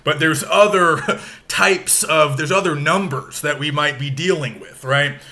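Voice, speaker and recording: Man, teacher, recorded lecture, slow pace, bright tense tone, stresses syllables. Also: on the high side.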